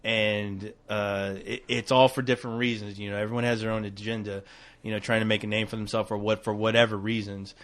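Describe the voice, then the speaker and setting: A man co-hosting a podcast in casual chat, hesitant, with many restarts, trailing off softly. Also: fairly low pitch, flat delivery, brisk. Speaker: podcast co-host.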